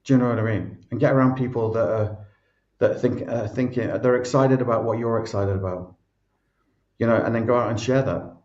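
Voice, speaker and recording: A male host chats casually and rambles, filling gaps with "you know" and restarting his sentences. His voice is at a mid pitch. The audio comes from an echoey room and sounds dull and lo-fi. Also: a little fast, darkish tone. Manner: rambling, lots of fillers and restarts. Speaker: podcast host. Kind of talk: casual conversation.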